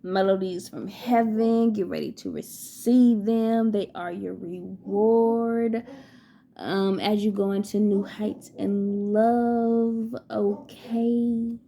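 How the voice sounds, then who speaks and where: Woman, tarot reader, gravelly, very slow and drawn out, laughs a lot, sings between points. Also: medium pitch, steady tone, mellow, slight background noise. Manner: laughs often, breaks into song. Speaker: tarot and oracle card reader. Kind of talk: casual spiritual card reading with singing.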